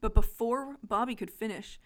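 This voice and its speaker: A young woman with a slightly high voice reads aloud from an old homemade story. She keeps interrupting herself with giggly, amused comments. The tone is casual podcast banter. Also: moderate pace. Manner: giggly, amused asides between read-aloud passages. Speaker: podcast co-host. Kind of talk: reading a childhood story aloud with joking commentary.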